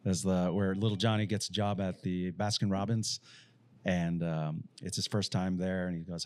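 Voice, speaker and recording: A man's voice: sits low, fairly quick, no room sound. A man co-hosting a podcast, telling crude jokes in casual chat with friends. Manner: animated joke-teller. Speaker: podcast co-host.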